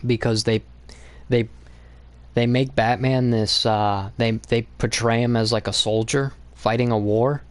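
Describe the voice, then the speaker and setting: A man's voice: mid-range voice, fairly even intonation, a little slow, clean tone, no room sound. A young man hosting a comics channel, talking in a blunt, rambling, profane way about what he likes and hates. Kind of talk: casual opinionated monologue.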